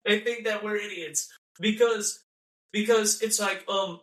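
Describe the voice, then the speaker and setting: High, bright-voiced man ranting in an echoey room. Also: steady tone, takes it slowly, long pauses, recorded from a distance. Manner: ranting, repetitive, mocking, acts out quoted voices. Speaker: podcast host. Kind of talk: impassioned monologue.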